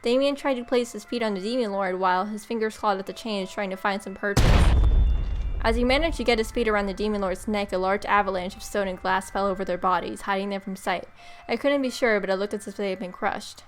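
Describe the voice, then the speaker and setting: A young woman reading a romance game aloud with expression, breaking off now and then for joking asides. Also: mid-range voice. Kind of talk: reading a visual novel aloud with commentary.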